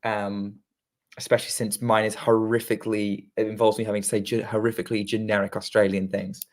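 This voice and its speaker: This British podcast co-host has a fairly low, level-toned voice. He calls tennis rallies live during a casual watchalong, speeding up when the points get going and chatting in the gaps.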